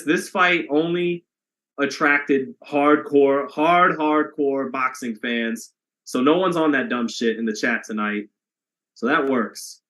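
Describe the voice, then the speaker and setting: A man's voice: a little high, bright, forceful tone. A man hosting a boxing live stream, chatting casually with viewers and reading their comments aloud, with some swearing.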